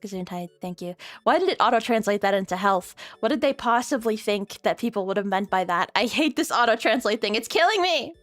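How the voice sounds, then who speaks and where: A young adult woman streaming, chatting casually with viewers, rambling and giggly, swearing freely and jumping into squeaky high bits. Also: lively intonation, brisk, few pauses, no room sound, soft background music.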